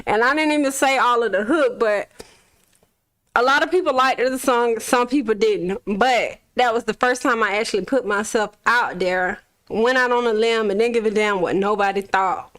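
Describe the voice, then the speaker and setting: A young adult woman from Florida, a recording artist telling her story in a relaxed, casual interview, laughing often and swearing freely. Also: on the high side, moderate pace.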